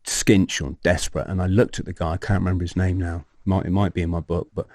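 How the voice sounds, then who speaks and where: Lively man telling a story. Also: low voice, fast talker, dry recording. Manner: animated, acts out quoted dialogue, swears casually. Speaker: podcast guest. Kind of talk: storytelling in an interview.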